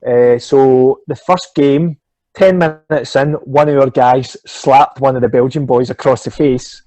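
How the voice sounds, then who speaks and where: A man's voice: medium pitch, fairly even intonation, a little slow, dark tone, no echo. A middle-aged Scottish man, a swimming coach, telling a long sporting anecdote in casual chat, swearing freely and acting out the voices of the people in it. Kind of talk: casual storytelling interview.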